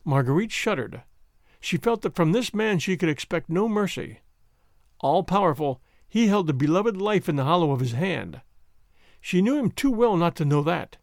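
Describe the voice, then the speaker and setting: Expressive male audiobook narrator. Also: sits high, moderate pace, no echo, studio quality. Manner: expressive, dramatic storytelling. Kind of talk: scripted narration.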